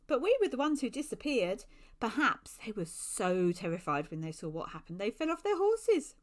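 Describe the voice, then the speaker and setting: A woman reading aloud voices a wise male angel guide, speaking brightly and earnestly in a raised voice. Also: fairly high pitch, very animated, normal speed.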